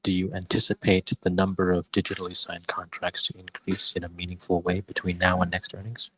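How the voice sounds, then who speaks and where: A man in a casual market discussion on a live voice chat, laying out his reasoning step by step in a measured, analytical way. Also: deep voice, monotone, a bit bright, low-quality recording. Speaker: regular trader in a live voice chat. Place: in a city, away from home.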